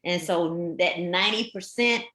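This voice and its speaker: Earnest woman, low voice, echoey room. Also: unhurried, sharp tone. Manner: earnest, emphatic storytelling with repetition. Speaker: firefighter captain, panelist. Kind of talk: storytelling on a panel.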